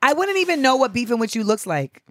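A woman's voice: on the high side, sing-song, fast talker, a bit bright, a little hiss or hum. A woman hosting a podcast in casual chat, blunt, joking and freely profane. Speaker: podcast host.

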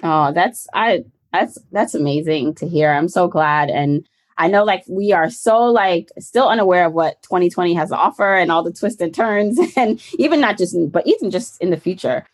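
A woman's voice: lowish voice, moderate pace. A woman hosting a podcast interview, asking casual, chatty questions. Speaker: podcast host. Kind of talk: interview conversation.

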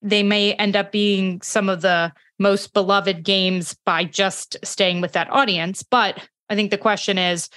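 Measured, reflective woman guest, mid pitch, casual podcast talk. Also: steady tone, a bit bright. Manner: measured, thoughtful. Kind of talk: casual conversational discussion.

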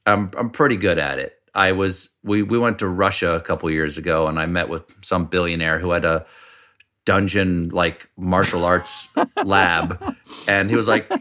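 Middle-aged man from South Carolina, low bright voice, animated storyteller who mimics people. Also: moderate pace. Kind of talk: casual chat.

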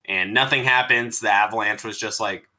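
A man chatting casually about a movie he disliked on his stream, animated and laughing, swearing freely. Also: lowish voice, normal speed. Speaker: streamer co-host. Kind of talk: casual movie review chat.

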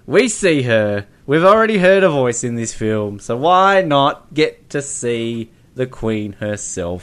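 A man's voice: mid-range voice, big pitch swings, takes it slowly, hardly any pauses, a bit bright, clean tone. A man co-hosting a casual film review chat, rambling with many ums and slipping into playful impressions. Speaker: podcast co-host.

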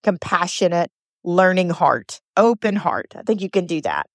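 In a solo podcast episode, the host speaks from the heart with a voice on the low side, very animated and moderately paced. Her sincere, emotional delivery is marked by frequent stumbles and repeated words. The studio-quality audio has no echo.

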